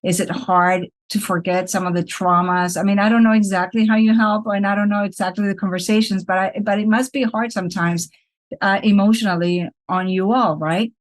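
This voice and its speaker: A woman's voice: mid-range voice, steady tone, brisk. A woman co-hosting a casual interview, asking questions hesitantly and rephrasing as she goes. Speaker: podcast co-host.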